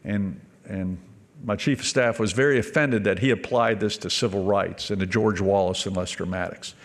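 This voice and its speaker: A former governor giving an earnest, emphatic speech, telling a story to an audience. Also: male voice, fairly low pitch, steady tone, moderate pace. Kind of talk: public speech. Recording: long reverb of a large hall.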